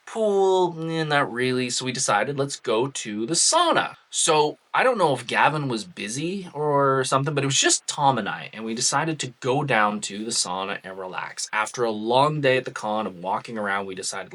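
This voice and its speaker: A man, casually telling a personal anecdote to the camera in a chatty, relaxed way with plenty of ums and uhs. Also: mid-range voice. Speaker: cosplay vlogger.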